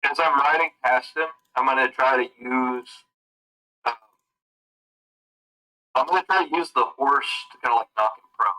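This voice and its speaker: A man's voice: mid-range voice, moderate pace, long pauses, pushed and bright, poor audio. A man playing a tabletop game, asking careful questions about the rules. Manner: asks careful clarifying questions. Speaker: player. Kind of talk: casual tabletop game talk.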